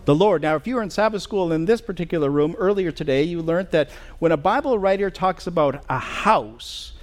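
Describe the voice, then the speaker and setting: A man's voice: high voice, a little fast. Earnest male pastor preaching. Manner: earnest preaching with many fillers and restarts. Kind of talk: sermon. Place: church sanctuary.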